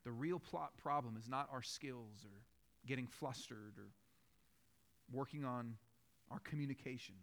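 A man in his thirties preaches a sermon in a church, mid-range pitch. He talks loosely and conversationally, telling stories and building up with animated, repeated questions. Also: a little slow, vocal fry, pauses often. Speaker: pastor.

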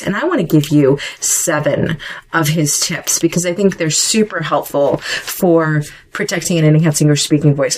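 A middle-aged woman with a notably low voice hosts a solo podcast episode. She talks casually and conversationally, and often drifts off on side remarks before returning to her point. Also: low-quality recording. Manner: conversational, chatty with digressions. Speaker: podcast host.

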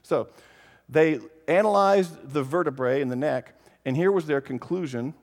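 Animated man speaking in a reverberant hall. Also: on the high side, normal speed. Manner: animated, playful, addresses kids directly. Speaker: creationist speaker. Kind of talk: lively conference talk to families.

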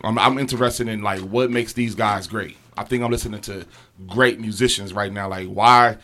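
Bright-voiced man musing in casual chat. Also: on the low side, fairly even intonation, normal speed. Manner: reflective, rambling with many fillers. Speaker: podcast co-host.

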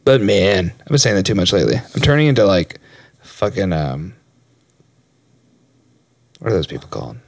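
A man's voice: deep voice, very animated, normal speed, vocal fry, pauses often, dry recording. A young man co-hosting a podcast in casual chat, rambling, laughing often and swearing freely. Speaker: podcast co-host.

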